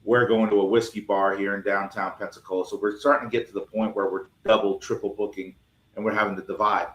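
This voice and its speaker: A man's voice: fairly low pitch, quick pace. Storytelling man in an echoey room. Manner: animated, acts out dialogue in his stories. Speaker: cigar company co-owner, guest. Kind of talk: casual storytelling.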